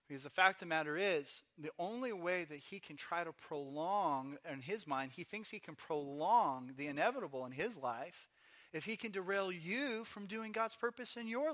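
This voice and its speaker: A pastor delivers a sermon in a church, his voice pitched high and ringing bright. He preaches with animated energy, telling stories and slipping into acted voices along the way.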